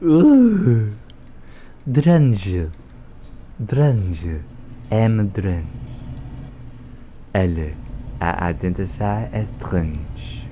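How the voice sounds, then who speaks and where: A man's voice: on the low side, very animated, very slow, long pauses, warm tone, a little hiss or hum, full character voice. A man voicing a drunk American redneck trucker who keeps asking for moonshine, in a put-on Southern American drawl. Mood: drunken drawl.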